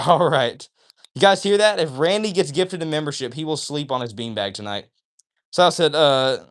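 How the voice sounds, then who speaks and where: A man hosting a casual livestream who talks while flipping a balisong. He gets excitable and keeps tagging sentences with "all right?". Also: medium pitch, brisk. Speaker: livestream host.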